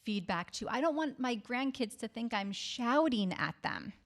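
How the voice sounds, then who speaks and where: A woman's voice: on the high side, animated, moderate pace. A woman speech therapist giving a health talk to the public, reassuring and often checking in with "okay?". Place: library talk.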